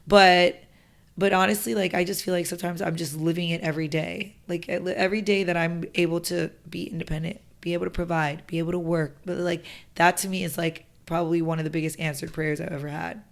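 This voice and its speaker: A woman's voice: fairly low pitch, level tone, fast talker, creaky. A woman podcast guest in casual conversation, talking earnestly and using lots of "like" fillers. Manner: talkative, many "like" fillers, earnest. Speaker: podcast guest, real estate entrepreneur.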